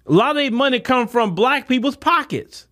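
A man's voice: very high voice, lively intonation, moderate pace, bright, forceful tone. A man hosting a podcast, talking in a casual, emphatic monologue straight to his listeners. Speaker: podcast host.

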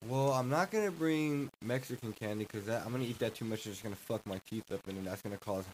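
A man's voice: lowish voice, fast, a little hiss or hum, low-quality recording. A man in casual chat with friends, rambling easily with lots of filler words. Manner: relaxed, rambling, lots of "like" and "you know".

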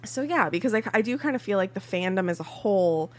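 A young woman co-hosts a podcast in a mid-range voice, talking fast. Her casual chat is relaxed and chatty, packed with fillers.

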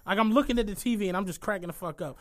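A man, co-hosting a podcast and telling stories in an animated, profane way. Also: high voice, racing. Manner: animated, profane, laughs through his stories. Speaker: podcast co-host. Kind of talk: casual storytelling chat.

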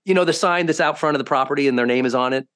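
A man hosting a podcast, a high-performance coach telling stories in a lively, conversational way and acting out quotes with sudden bursts. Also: rapid-fire, clean tone. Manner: animated, swings into loud acted quotes. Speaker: host.

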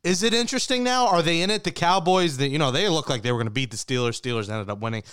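A man's voice: on the high side, quick pace, a bit bright, smooth, dry recording, clean studio sound. A man hosting a sports podcast, steering the talk with wry jokes. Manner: wry, joking. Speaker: podcast host.

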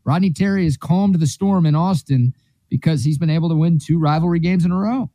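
A man hosting a sports talk radio show, giving a steady, informative rundown of results. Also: fairly high pitch, brisk, dry recording.

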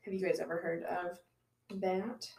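A woman's voice: lowish voice, normal speed, vocal fry, a crowd in the background. Woman telling a story in an echoey room. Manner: apologetic about pronunciation, relaxed. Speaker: podcast co-host telling a history story. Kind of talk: casual storytelling. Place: finished basement.

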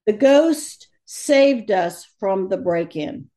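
A woman telling stories as a guest in an interview, animated and quoting others as she goes. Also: mid-range voice, takes it slowly. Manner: animated storyteller, quotes others in lively voices. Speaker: guest, medium who crosses over the dead. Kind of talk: storytelling in a conversational interview.

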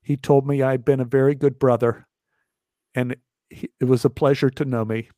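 A man's voice: moderate pace, dry recording. A middle-aged man tells a personal story with wry, self-mocking humor. His voice sits mid-range but swings wide as he acts out what others said. The sound is dry, with no room in it. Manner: animated, acts out other people's lines with big jumps in pitch.

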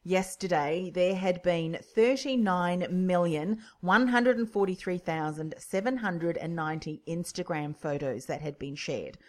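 A woman's voice: lowish voice, measured pace, hardly any pauses. A woman hosting an interview, enthusiastically summing up the guest's story before asking questions. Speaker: interview host.

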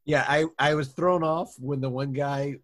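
A man playing a confused coworker in a comedy sketch, halting and incredulous. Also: a little high, steady tone, fairly bright tone.

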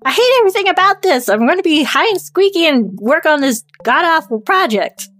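A woman voicing a sneaky, grumpy goblin in a high, squeaky voice. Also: big pitch swings, brisk, a bit bright.

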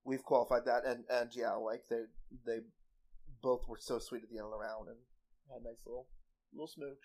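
A man's voice: mid-range voice, flat delivery, brisk, darkish tone. A young adult man co-hosting a podcast, chatting casually with frequent laughs, fillers and restarts. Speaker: podcast co-host. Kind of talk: casual chat recapping a TV baking show.

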